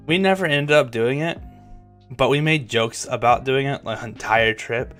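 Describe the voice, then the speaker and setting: A young man talks loosely about games, swears freely and stumbles over his own restarts as he rambles. His voice sits in an ordinary middle pitch. Quiet music plays under him. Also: normal speed. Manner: rambling, profane, stammering restarts. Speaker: gaming channel host. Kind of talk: casual chat.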